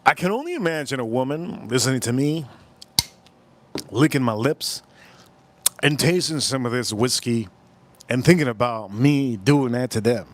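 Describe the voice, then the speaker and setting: A man's voice: moderate pace, pauses often. A man hosting a whiskey livestream, reading chat comments aloud with crude jokes and rambling asides. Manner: animated pitch swings, pitch jumps up when exclaiming. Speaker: livestream host reviewing whiskey.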